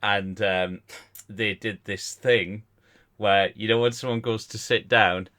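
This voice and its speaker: A podcast co-host spins a story in a casual, rambling way. His voice sits on the low side, and he stumbles over his words and laughs as he goes. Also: fairly even intonation, slow pace, sharp tone. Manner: chatty, stumbling, laughs through his stories.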